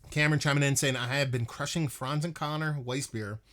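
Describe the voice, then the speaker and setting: A man's voice: a little high, fairly even intonation, a little fast, a bit bright. A young man hosting a casual beer livestream, rambling with lots of swearing while he reads out and answers chat comments. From northeastern United States.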